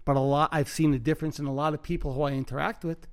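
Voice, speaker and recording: Slightly high-voiced guy hosting a podcast, earnest and thoughtful, keeps restarting his sentences. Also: little pitch movement, rapid-fire, darkish tone. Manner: earnest, reflective, often restarts phrases. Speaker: podcast host and author. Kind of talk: casual conversational podcast chat.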